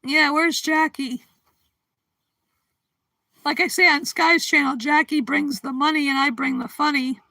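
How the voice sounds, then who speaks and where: Woman streamer, high and sharp-toned, giggly and a little sleepy, casual chat to viewers. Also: fairly even intonation, unhurried, creaky, long pauses, no room sound. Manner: chatty and giggly, greeting viewers by name; drowsy, yawning. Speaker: livestream host.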